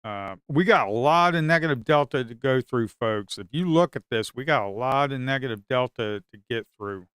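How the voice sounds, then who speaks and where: A man's voice: medium pitch, lively intonation, normal speed, hardly any pauses, fairly bright tone, smooth, no room sound, clean studio sound. A man giving live trading commentary to viewers, muttering and repeating phrases to himself, now and then swearing at the market. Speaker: live-streaming futures trader.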